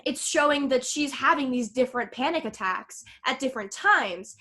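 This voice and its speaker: A woman co-hosting a casual podcast, retelling a film and acting out its lines with animated swings in her voice. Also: high-pitched, normal speed. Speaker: podcast co-host.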